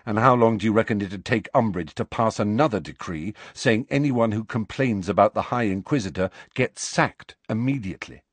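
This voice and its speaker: A man voicing a sullen teenage boy who speaks flatly and dully. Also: on the low side, moderate pace, few pauses, breathy edge, dry recording. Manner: flat, dull.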